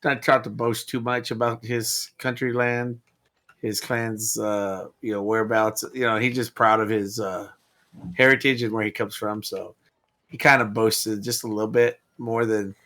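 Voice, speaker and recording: A man's voice: fairly low pitch, level tone, normal speed, pushed and bright. A man playing in a tabletop game, talking casually and joking around. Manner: joking, playful. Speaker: player. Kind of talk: casual chat.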